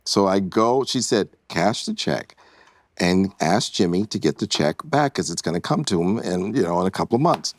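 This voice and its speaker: A man in his sixties, a podcast guest, telling an animated story and acting out the quotes. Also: deep voice, normal speed, dry recording. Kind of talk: casual storytelling.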